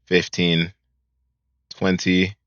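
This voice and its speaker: A man's voice: sits low, monotone, extremely slow, a bit bright, clear, resonant tone, no echo, highs cut off. A man playing a tabletop game, talking hesitantly and laughing often. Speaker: player. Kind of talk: casual tabletop play.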